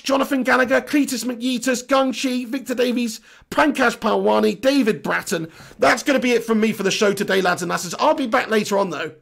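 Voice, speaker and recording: Young male host, hoarse and raspy, matey and blunt, a higher voice with fry. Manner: chatty, matey shout-outs, blunt opinions. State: hoarse, voice going. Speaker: football channel host. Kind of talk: casual live-stream chat, reading viewer comments.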